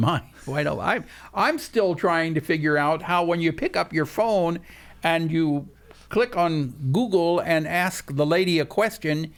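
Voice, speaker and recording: A male radio host with a lively, animated voice that swings up and down in pitch. He questions his guest eagerly, often repeating words as he jumps in. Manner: inquisitive, with repeated words and restarts. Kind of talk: radio interview.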